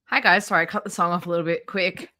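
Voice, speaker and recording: A woman's voice: lowish voice, steady tone, quick pace, pushed and bright. A woman hosting a casual livestream, chatty and laughing often as she greets viewers by name. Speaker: livestream host.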